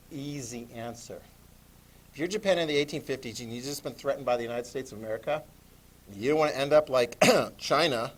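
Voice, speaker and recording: A middle-aged man teaching a history lesson to a class, animated, asking questions and acting out voices. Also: mid-range voice. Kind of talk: classroom lecture.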